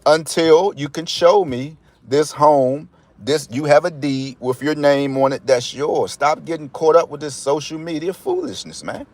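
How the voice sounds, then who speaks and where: A man's voice: fairly high pitch, a little slow, darkish tone. Rambling D.C. man chatting to viewers. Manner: rambling, talks straight to viewers with slang. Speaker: lottery tips vlogger. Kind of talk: casual chat to viewers.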